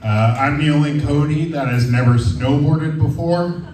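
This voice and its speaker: A man's voice: on the high side, moderate pace, crowd noise. A man in his thirties doing a stand-up comedy set, rambling and hesitant with lots of fillers. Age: 30s. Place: comedy venue with live audience. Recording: roomy, from far off.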